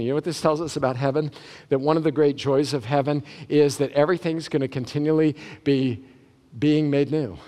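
A man preaching a sermon as a pastor, animated and emphatic, with sudden loud bursts. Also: on the high side, fairly quick.

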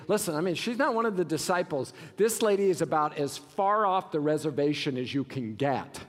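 A pastor preaching a sermon with a high voice that rings out through a large church hall with a long reverb tail. He climbs to shouted, emphatic passages, then drops into low, quiet asides. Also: lively intonation, normal speed.

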